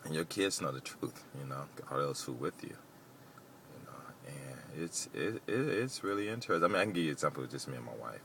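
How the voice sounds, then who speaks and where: A man's voice: extremely low pitch, expressive, fast, vocal fry. A middle-aged man vlogging as he drives, talking loosely and rambling, with lots of "you know" fillers. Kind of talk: casual rambling monologue while driving. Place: inside a moving car. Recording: loud road and engine noise. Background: car and traffic noise.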